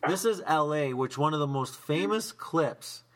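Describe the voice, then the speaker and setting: Male host, bright and forceful tone, direct, opinionated. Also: a little high, lively intonation, measured pace. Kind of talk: casual chat.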